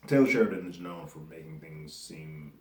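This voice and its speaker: A man's voice: rumbling low, normal speed, crowd noise. A man giving a loose, conversational recap of a TV episode, chuckling now and then as he talks it through. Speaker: movie and TV reviewer. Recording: roomy echo.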